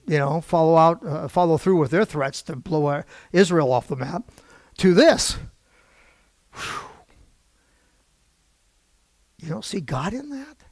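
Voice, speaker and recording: A middle-aged man teaching a Bible prophecy class in an animated, digressive way, with frequent exclamations. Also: sits high, no echo, clean studio sound. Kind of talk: informal Bible lesson.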